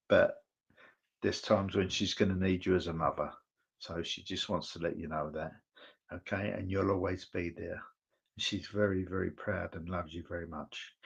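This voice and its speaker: A spiritualist medium gives clairvoyant messages during a church service, speaking gently and reassuringly, pausing often and checking in with "okay?". His voice is low and creaky with a breathy edge, and the audio is dull.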